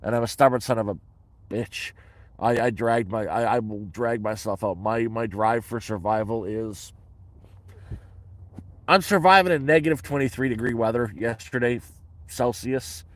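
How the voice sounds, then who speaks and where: Speaking from his shelter at a normal speed, this vlogger from Canada answers viewer questions in a casual, blunt way, with some profanity as he describes his life. His voice is mid-range, and there's no echo.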